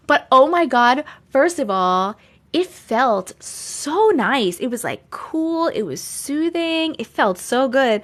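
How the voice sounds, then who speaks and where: A woman's voice: high voice, sing-song, slow. A woman hosting a live stream, chatting casually with viewers, reading out their comments and laughing often. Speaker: livestream host reading viewer stories.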